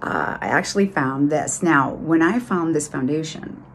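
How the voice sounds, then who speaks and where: A woman's voice: sits low, normal speed, soft background music. A middle-aged woman with a Boston accent, chatting enthusiastically through a casual makeup tutorial with lots of fillers. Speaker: beauty vlogger.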